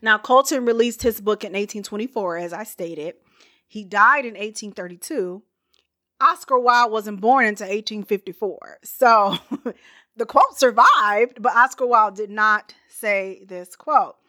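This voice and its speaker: A woman's voice: medium pitch, unhurried, bright, forceful tone. A woman hosting a podcast, casually telling a history story with playful, chatty asides and frequent laughter.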